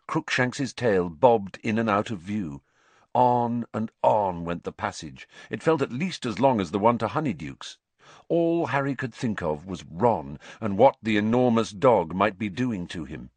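A man reading a story aloud in scripted narration, dramatic and expressive. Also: lowish voice, measured pace, breathy edge, no room sound. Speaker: audiobook narrator.

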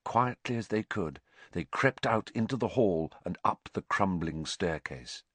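A man reading a story aloud in scripted narration, dramatic and expressive. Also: sits low, unhurried, breathy edge, dry recording. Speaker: audiobook narrator.

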